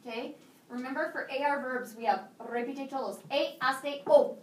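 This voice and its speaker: High-voiced woman teaching a class. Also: moderate pace. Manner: drills students, mixes English and Spanish prompts. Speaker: high school Spanish teacher. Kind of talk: classroom lesson with call-and-response drills. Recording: echoey classroom from far off, faint noise.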